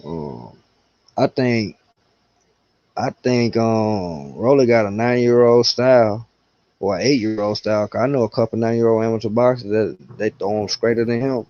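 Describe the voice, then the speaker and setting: A man's voice: fairly low pitch, normal speed, dark tone, no echo. A man talking boxing in a blunt, slangy, profane way as a podcast co-host. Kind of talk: casual boxing chat. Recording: dull dry lo-fi audio.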